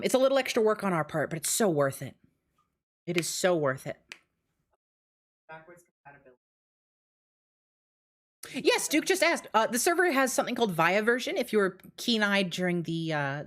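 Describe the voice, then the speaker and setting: This young woman is live streaming, breathless as she hurries through an eager tour of her game mode with laughter breaking up her phrases. She speaks at a medium pitch.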